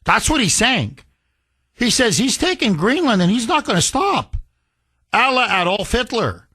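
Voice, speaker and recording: A man's voice: extremely high pitch, very animated, pushed and bright, husky, no room sound. A man hosting a political talk radio show, delivering combative, sarcastic commentary straight into a studio mic. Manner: combative, sarcastic, rapid-fire.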